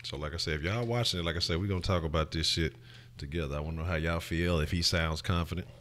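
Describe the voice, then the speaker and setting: Male streamer with a Houston accent, extremely low pitch, casual and profane, chatty sports talk. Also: steady tone, fast talker, a bit bright, slight background noise. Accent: Houston, Texas. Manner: slangy, loose, profane, chatty. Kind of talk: casual live reaction stream.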